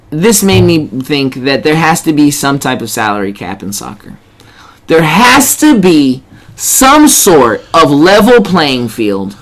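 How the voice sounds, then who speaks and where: A man hosting a casual sports podcast, ranting and swearing often. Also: a little high. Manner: animated, profane, rants. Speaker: podcast host.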